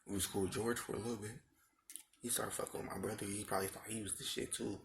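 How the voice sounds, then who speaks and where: A man's voice: fairly low pitch, flat delivery, fast, creaky, slight background noise. A young man telling a rambling, profane story about his school days in casual talk, repeating himself often.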